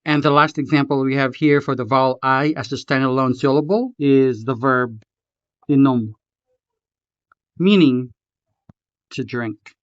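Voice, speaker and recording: A man narrates a scripted language lesson, breaking words into syllables at an unhurried pace. His voice is smooth and clear. The recording is dry and a little dull. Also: mid-range voice, dry recording. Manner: slow, careful, spells out syllables. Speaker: language tutor.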